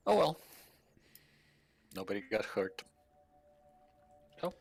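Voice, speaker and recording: A man's voice: fairly low pitch, very animated, slow pace, creaky, breathy edge. A man playing a tabletop game, snarky and teasing. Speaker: player.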